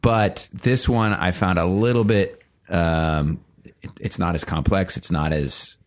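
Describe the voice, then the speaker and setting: A man on a podcast panel giving a thoughtful, measured opinion in casual chat. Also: low voice, steady tone.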